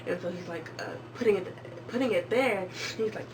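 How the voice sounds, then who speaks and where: A woman in her twenties telling a story casually and jokingly on a vlog, jumping into squeaky high voices when she quotes people. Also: a little fast, noisy background. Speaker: vlogger. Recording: far from the mic with clear background music.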